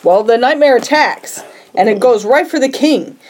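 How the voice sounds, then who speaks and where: A woman's voice: on the high side, normal speed. A woman co-hosting a podcast, animatedly recapping a movie plot in casual chat and laughing often. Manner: lively storyteller who jumps into characters' voices and laughs often. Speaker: podcast co-host.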